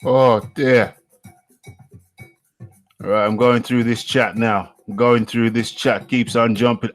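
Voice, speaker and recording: A man's voice: medium pitch, fairly even intonation, takes it slowly, pauses often, soft background music. A man from the UK hosting a live show, reading out the chat in a playful, repetitive way and chuckling often. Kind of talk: casual live-stream chat.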